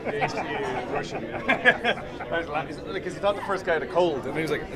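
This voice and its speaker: A man's voice: a little high, expressive, fairly quick, a loud crowd. A male fight coach in a casual interview chat, friendly and chatty, telling stories with a laugh.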